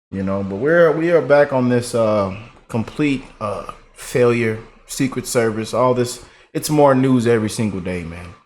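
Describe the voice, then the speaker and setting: Male vlogger, easygoing rambling delivery, middle pitch, sprinkles in "man" and "y'all". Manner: laid-back, drawling, repeats "man" and "y'all". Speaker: political commentary vlogger. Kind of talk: casual rambling commentary to viewers.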